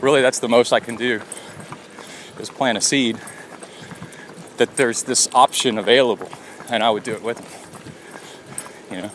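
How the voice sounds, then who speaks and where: A man records himself running outdoors. He talks in a casual, rambling way and acts out his quotes. His mid-pitched voice sits over clear street traffic. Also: steady tone, measured pace, pauses often, fairly bright tone, rough recording. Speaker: podcast host and coach. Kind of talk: casual storytelling while running. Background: passing traffic.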